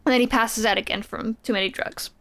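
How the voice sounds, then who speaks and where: A woman's voice: fairly high pitch, fairly even intonation, quick pace, gravelly, fairly bright tone. A woman casually recapping a comic book story on a podcast, chatty and playful, slipping quoted lines into her retelling. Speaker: podcast co-host.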